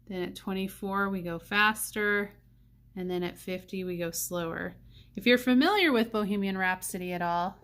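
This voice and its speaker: A woman teaching a saxophone part, thinking aloud and counting rhythms out loud. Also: mid-range voice. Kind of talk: music lesson walkthrough.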